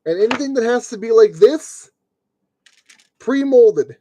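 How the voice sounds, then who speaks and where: A man's voice: very high voice, lively intonation, unhurried, warm tone, muffled recording, a little hiss or hum. A man talking to himself as he streams a model kit build, grumbling at fiddly parts and cracking jokes as he works. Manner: grumbling, joking self-talk while working. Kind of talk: live-stream building commentary.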